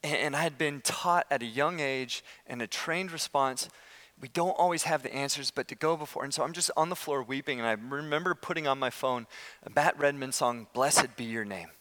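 A man preaching a sermon as pastor, impassioned, swinging from loud declarations to hushed, slow appeals. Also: medium pitch, long reverb tail.

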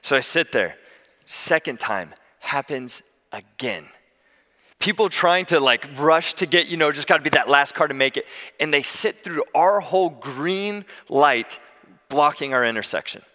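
A man preaching a sermon as pastor, telling stories in a conversational, animated way. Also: fairly high pitch, measured pace, big-room sound.

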